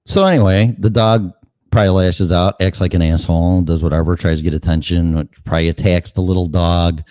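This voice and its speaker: A man's voice: deep voice, steady tone, fairly quick, a little mellow, no room sound. A man hosting a show in a casual, rambling monologue, cursing freely and asking rhetorical questions. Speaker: show host.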